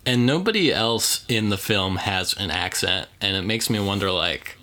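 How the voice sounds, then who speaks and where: A man co-hosting a movie podcast talks in a loose, rambling way, full of fillers and dry jokes. His voice sits a little low, with a bright, forceful edge. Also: lively intonation, normal speed. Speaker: podcast co-host. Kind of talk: casual movie review chat.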